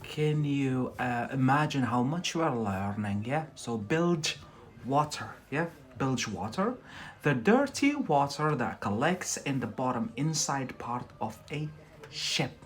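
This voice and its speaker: A man from Scotland with a Scottish accent, teaching English on a live stream, slow and explanatory, often adding "yeah?" to check his viewers follow. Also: mid-range voice, lively intonation.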